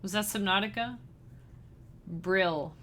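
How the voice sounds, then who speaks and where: A woman's voice: mid-range voice, takes it slowly, sharp tone, slight background noise. A woman chatting casually with her live-stream chat as a musician, bubbly and giggly, speaking straight to her viewers. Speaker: livestreamer and chiptune musician.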